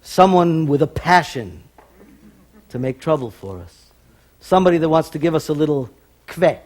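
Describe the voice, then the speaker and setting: A man's voice: on the high side, animated, normal speed, a little mellow. A man from the Bronx telling wry comic stories on stage with Yiddish words mixed in. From New York, the Bronx. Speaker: comedian and stage performer. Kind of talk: live stage comedy storytelling. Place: stage in a TV studio before a live audience.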